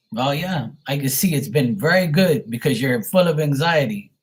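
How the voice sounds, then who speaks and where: A man who reads tarot on a live stream, ranting bluntly and profanely to his viewers. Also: medium pitch. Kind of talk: casual rant to viewers.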